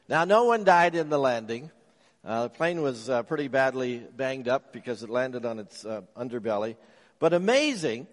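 A male pastor with a slightly raised voice delivers a storytelling sermon in a church, his words trailing off into a long hall reverb. He pushes hard on key phrases, then drops to quiet, low asides. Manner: storytelling, swinging between loud emphasis and soft, low asides.

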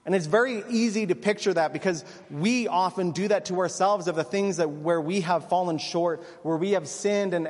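A man delivers a sermon with a somewhat raised pitch. He keeps an earnest, conversational tone and restarts a phrase now and then. His voice carries a long reverb from the church hall he is preaching in. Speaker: pastor.

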